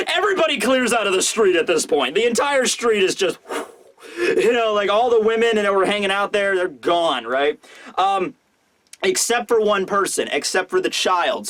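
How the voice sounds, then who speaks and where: A man giving casual commentary as a manga reviewer. He talks excitably and rambles, with lots of fillers. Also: high-pitched.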